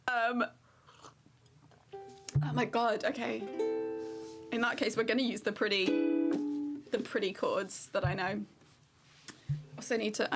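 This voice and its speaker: A woman's voice: a little high, a bit bright. A woman streaming casually, chatty and effusive, with lots of ums. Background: ukulele.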